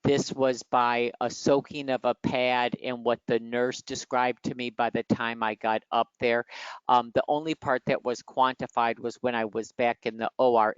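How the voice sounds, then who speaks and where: A woman's voice: rumbling low, fairly even intonation, normal speed, clear, resonant tone, no echo. A woman from Michigan with a nasal Midwestern accent, teaching in a chatty, teasing, direct way on a video call. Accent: Midwestern American. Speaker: exam prep tutor. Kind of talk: online teaching session. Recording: muffled dry call audio.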